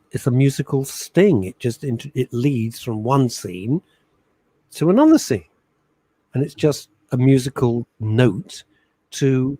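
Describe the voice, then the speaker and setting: A middle-aged man co-hosting a casual radio chat show, telling animated stories and breaking into little sung jingles. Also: mid-range voice, no room sound, poor audio. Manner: animated storyteller, sings jingles and little musical stings. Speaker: radio co-host. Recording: radio studio.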